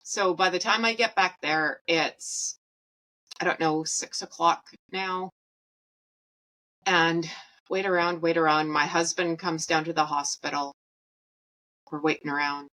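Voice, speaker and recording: A woman's voice: sits low, steady tone, measured pace, pauses often, sharp tone, low-quality recording. A woman in her thirties hosting a podcast, telling a personal story in a blunt, profane, casual way and laughing at her own jokes. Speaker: podcast host.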